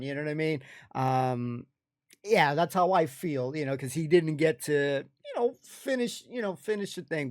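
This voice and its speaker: A man's voice: on the high side, no echo, studio quality. Enthusiastic American man reacting to a show. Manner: enthusiastic, rambling, keeps saying "ladies and gentlemen". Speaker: reaction video host. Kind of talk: casual reaction commentary.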